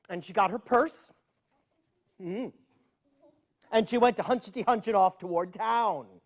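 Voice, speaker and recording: A man's voice: high-pitched, a little slow, pauses often. A man telling a folktale to children at a library event, playful with chatty asides. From United States. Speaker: storyteller. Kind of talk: animated storytelling for children.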